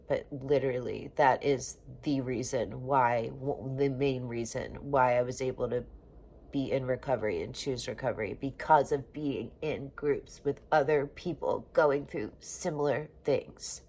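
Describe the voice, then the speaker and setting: A woman's voice: extremely low pitch, a little mellow, a little hiss or hum. A woman in her forties venting in a personal video diary, raw and emotional, swearing often and breaking off mid-sentence. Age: 40s. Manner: halting, restarts and trailing phrases. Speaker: vlogger.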